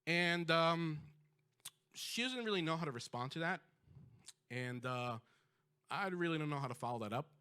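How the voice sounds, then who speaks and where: A man telling a personal story on stage, conversational and lively, with many ums and you-knows. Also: fairly high pitch, fairly quick, long pauses, smooth. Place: storytelling stage before an audience.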